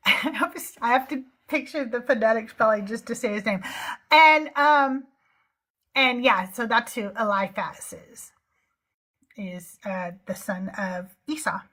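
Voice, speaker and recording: A woman's voice: fairly high pitch, takes it slowly, pushed and bright. A middle-aged woman hosting a live call-in stream, chatting casually and often laughing at herself. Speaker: host of a live call-in show. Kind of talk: casual livestream chat.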